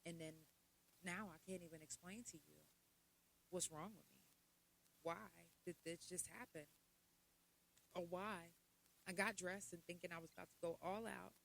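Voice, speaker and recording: Bright-voiced woman talking candidly. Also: moderate pace, creaky, pauses often, slight background noise, rough recording. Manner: candid, animated, swings from loud laughing to low and quiet. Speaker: podcast host. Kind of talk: casual mental health talk.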